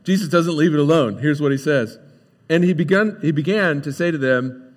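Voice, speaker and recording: A man preaching a sermon as pastor, animated and casual, acting out the voices of the crowd. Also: a little high, normal speed. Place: church sanctuary. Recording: long hall reverb.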